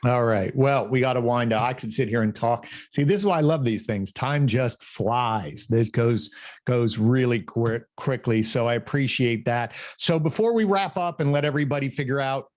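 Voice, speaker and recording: An upbeat man hosting a business interview podcast, leaning in with enthusiasm as he chats and asks his guest questions. His voice sits at an ordinary middle pitch. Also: moderate pace, darkish tone. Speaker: podcast host. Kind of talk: interview conversation.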